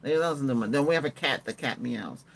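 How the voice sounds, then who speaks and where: A man's voice: mid-range voice, a little fast, vocal fry. A man hosting a tech livestream, chatting casually and rambling while he answers viewer comments and laughs often. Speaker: livestream host.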